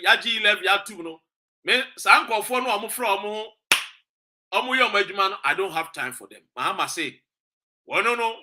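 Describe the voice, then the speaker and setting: Brief: Ghanaian male host, impassioned political commentary, high bright voice. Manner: switches between English and Twi, preachy and emphatic.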